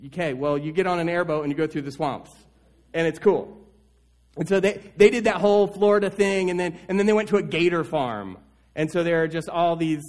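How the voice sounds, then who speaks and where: A man preaching a Sunday sermon as pastor, telling stories with wide swings in pitch and loudness.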